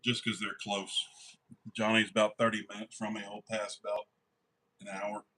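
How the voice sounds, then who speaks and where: A man's voice: fairly low pitch, completely flat delivery, moderate pace, low-quality recording. A man hosting a live stream from his workshop, chatting casually and rambling easily with viewers. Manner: easygoing, rambling, warm toward family.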